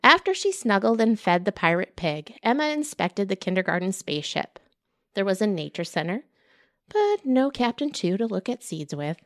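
A woman, a children's librarian, reading a picture book aloud with playful shouts and whispers. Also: mid-range voice, very animated, moderate pace, no room sound, clean studio sound. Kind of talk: storytime read-aloud with character voices.

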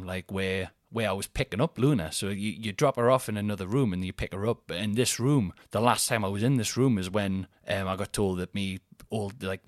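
A man's voice: fairly low pitch, no room sound. Chatty man, dry mic. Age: 30s. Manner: chatty, rambling, laughs at his own stories. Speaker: comedian podcast host. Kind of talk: casual storytelling monologue.

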